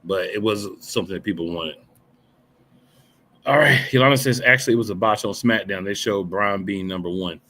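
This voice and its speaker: A man's voice: lowish voice, a little fast, bright, forceful tone. A man co-hosting a casual wrestling podcast, blunt and dry with a sarcastic edge. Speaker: podcast co-host.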